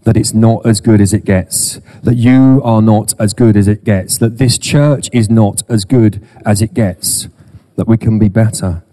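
Warm-toned man preaching a lively sermon. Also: fairly low pitch, measured pace. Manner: humorous, self-deprecating asides. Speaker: pastor. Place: church.

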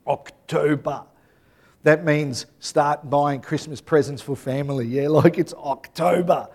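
A man in his thirties or forties, a pastor preaching a sermon with animated, chatty storytelling and frequent tag questions. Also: a little high, unhurried.

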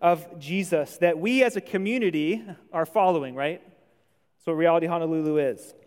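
Male pastor, high-pitched, chatty conversational preaching, church hall reverb. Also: normal speed, clean tone. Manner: conversational, animated when voicing imagined objections. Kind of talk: sermon.

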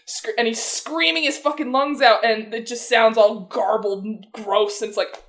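A woman co-hosting a casual film podcast, talking excitedly with lots of swearing and fillers. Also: a little high, normal speed. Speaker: podcast co-host.

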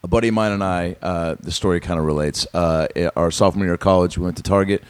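A man's voice: low-pitched, fast, smooth, dry recording. A man on a comedy podcast, telling a rambling story and acting out the voices of the people in it. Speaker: comedian guest.

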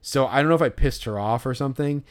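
A man's voice: mid-range voice, quick pace. A young man and podcast co-host telling a long, profane, ranting story in casual chat.

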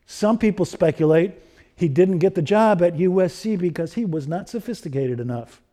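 A man's voice: high-pitched, animated, normal speed, dark tone. Middle-aged man preaching with rising questions. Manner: rhetorical questions, rising emphasis. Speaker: pastor. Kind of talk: sermon.

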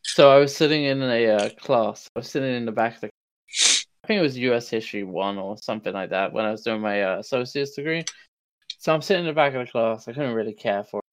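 A man's voice: medium pitch, fast talker, a little hiss or hum. A man, a podcast co-host, telling a wry anecdote in casual chat. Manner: wry, storytelling.

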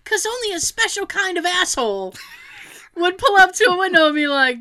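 Her voice is very high-pitched and moderately paced, with a little hiss or hum in the audio, as she tells a funny story in casual chat. She's animated, performing what others said and frequently breaking into laughter.

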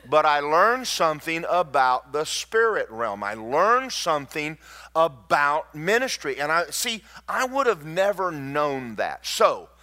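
Man, pastor, animated preaching, bright forceful tone. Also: fairly high pitch, unhurried. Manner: emphatic storytelling preacher, swings from loud to hushed. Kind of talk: sermon.

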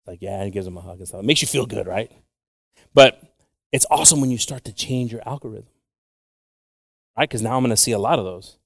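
A man's voice: lowish voice, fast, gravelly, pauses often, dry recording. Guy preaching a sermon, loose and chatty, laughs a bit, dry sound. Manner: casual, rambling preaching with chuckles and restarts. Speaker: pastor.

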